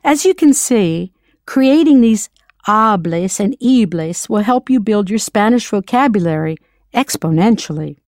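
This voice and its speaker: Woman, language teacher, scripted lesson, patient, spells out words, animated pitch, dry sound. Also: a little slow, dry recording.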